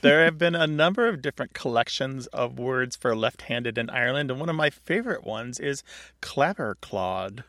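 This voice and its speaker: A man co-hosts a radio talk show on language, explaining pronunciations with a dry, knowing humor. His voice sits at an average pitch and carries a gravelly fry. The studio sound is close and dry. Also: expressive, normal speed, fairly bright tone, dry recording. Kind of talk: casual radio chat about language.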